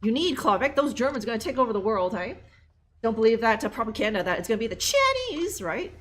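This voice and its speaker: A woman's voice: on the high side, very animated, fast talker, a little hiss or hum. Chatty, joking woman streamer. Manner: chatty, joking, reads subtitles aloud. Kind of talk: casual live game commentary.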